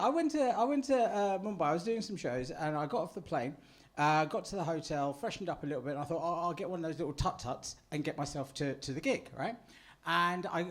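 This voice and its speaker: A man hosting a live comedy show, telling stand-up stories in a chatty, animated way. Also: high voice. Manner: chatty, animated, keeps adding "right?". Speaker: comedy host.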